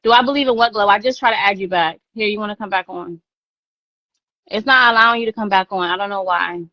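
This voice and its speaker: A woman's voice: mid-range voice, fast, no echo, lo-fi sound. A woman live-streaming a heated rant, confrontational and profane, hammering her points by repeating them.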